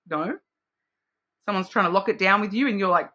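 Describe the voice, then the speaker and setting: This is a woman doing a relaxed card reading, with a bright, clear tone. She rambles, restarts her sentences and fills gaps with ums and you-knows. Her delivery stays chatty and loose, as if she is talking to a friend. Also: medium pitch, moderate pace, pauses often. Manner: chatty and rambling, with frequent fillers, self-restarts and laughs; acts out playful quoted voices. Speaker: card reader. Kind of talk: casual intuitive card reading to camera.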